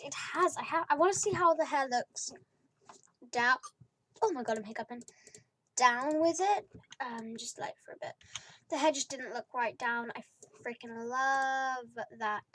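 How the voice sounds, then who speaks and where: Young British woman, high voice, chatty let's-play commentary, rambly with lots of fillers. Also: fairly bright tone. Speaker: gaming YouTuber.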